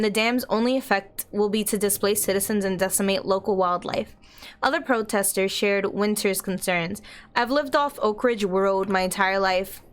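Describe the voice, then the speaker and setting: A young adult woman streaming a story game, chatting casually with giggles and gushing thanks to her viewers. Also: mid-range voice. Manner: bubbly, giggly, gushes at chat. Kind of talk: casual gameplay commentary.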